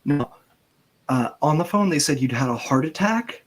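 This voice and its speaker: A man narrating as game master of a tabletop game, relaxed and halting with lots of fillers. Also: a little high, breathy edge.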